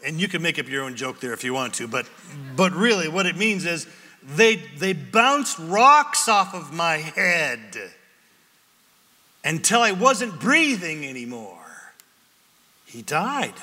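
Bright, high-voiced pastor preaching in a reverberant hall. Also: male voice, sing-song, takes it slowly. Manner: conversational preaching with wry humor. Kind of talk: sermon.

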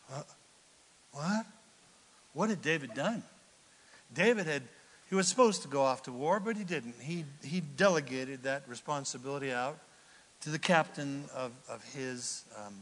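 A man preaching a lively, joking sermon and shouting now and then for emphasis. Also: mid-range voice, in a large hall. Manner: animated, jokey, with shouted emphasis. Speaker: pastor.

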